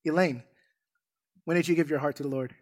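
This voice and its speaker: A man's voice: a little high, steady tone, a little fast, a little mellow. Emphatic male pastor preaching a sermon. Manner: emphatic, storytelling. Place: church sanctuary.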